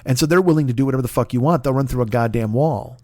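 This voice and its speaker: A man in his forties with a mid-range, slightly mellow voice races through a casual comedic podcast plug as host. He's profane, rambling, and mock-boastful, and the clean studio recording has no room sound.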